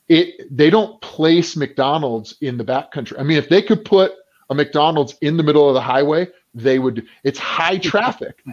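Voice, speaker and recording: Animated man coaching on sales. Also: fairly high pitch, muffled recording. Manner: animated storyteller who acts out quoted people; clears throat often. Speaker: business coach guest. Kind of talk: casual podcast conversation.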